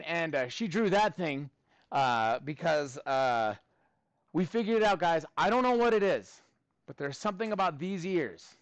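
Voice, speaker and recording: A male math teacher chatting with his class in a casual storytelling mode. His pitch rises and falls a lot, and he sounds self-amused as he talks straight to the students. The recording is dry and close. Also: no echo.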